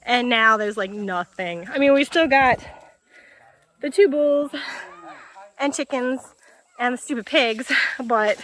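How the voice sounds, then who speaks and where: Chatty high-voiced woman on her farm. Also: slow pace, pauses often, fairly bright tone. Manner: chatty, switches to high baby-talk with animals. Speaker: farm vlogger. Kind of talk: casual vlog narration while doing farm chores. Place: outdoors on a farm pasture. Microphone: phone held while walking.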